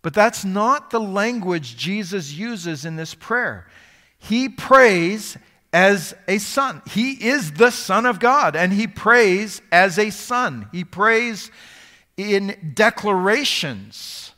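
A man's voice: sits high, expressive, takes it slowly, pushed and bright, big-room sound. A man preaching a sermon to a live congregation, teaching in a conversational way and quizzing the audience.

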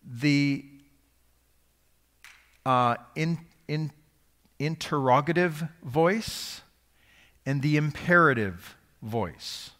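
A man's voice: a little high, extremely slow, pauses often, pushed and bright, big-room sound. A man preaching a sermon to a live congregation, teaching in a conversational way and quizzing the audience.

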